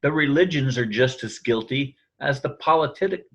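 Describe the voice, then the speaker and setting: A man's voice: medium pitch, animated, normal speed, a bit bright, husky, dull audio. An older man musing aloud in a daily video monologue, quoting friends and often correcting himself. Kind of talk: reflective spoken monologue.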